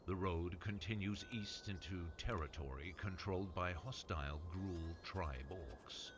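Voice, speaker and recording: A man voicing a game's quest narrator, giving scripted narration in a steady way. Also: low voice, measured pace. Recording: game audio with clear noise.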